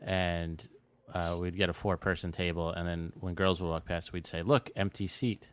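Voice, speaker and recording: A man co-hosting a podcast, reading listener questions in relaxed, halting casual chat. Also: deep voice, no echo.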